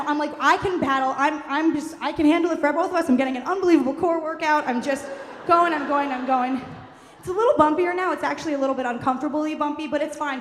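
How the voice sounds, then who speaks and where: Woman, live stage storytelling, comic, animated, high voice, roomy reverberant hall, faint ambience. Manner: animated, comic, rambling with fillers.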